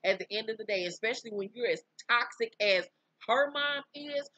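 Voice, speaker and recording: A woman's voice: a little high, lively intonation, moderate pace, sharp tone, no echo, lo-fi sound. A woman host giving a blunt, candid, profane recap in casual chat. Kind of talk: casual recap of a reality show.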